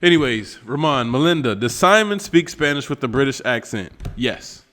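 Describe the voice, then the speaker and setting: A man's voice: medium pitch, animated, normal speed, a bit bright, in a large hall. A man with an Appalachian accent, co-hosting a podcast in a rambling, laughing casual chat. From West Virginia. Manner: laughing, rambling, filler-heavy. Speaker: podcast co-host.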